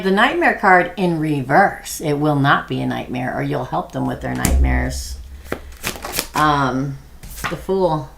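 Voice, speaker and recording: Middle-aged woman tarot reader, gravelly, faint hiss behind, chatty live reading style. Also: low voice, fairly bright tone. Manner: chatty, thinking aloud with many ums; reads viewer questions aloud and answers them.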